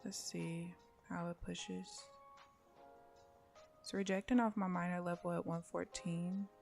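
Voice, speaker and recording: A woman giving casual live commentary on her own day trading, thinking aloud and often dropping to soft mutters. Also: lowish voice, level tone, unhurried, gravelly, soft background music. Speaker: day trader streaming live.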